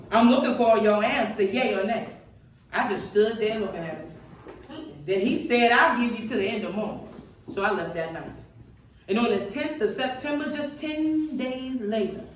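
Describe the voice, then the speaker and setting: A woman's voice: mid-range voice, natural voice. An actress gives voice to a defiant middle-aged Southern activist with a thick Mississippi accent, telling her story in an earthy, testifying preacher's cadence. The voice carries from a distance across a very echoey hall, with a faint hum beneath it. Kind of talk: seated stage reading of a play. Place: stage in a hall. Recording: roomy hall from far off.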